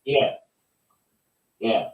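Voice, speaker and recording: A man's voice: very slow, narrow, tinny audio. A man chatting casually on a hobby show, agreeable and chiming in with short replies. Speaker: co-host of a hobby chat. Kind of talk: casual chat. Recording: echoey, distant from the mic.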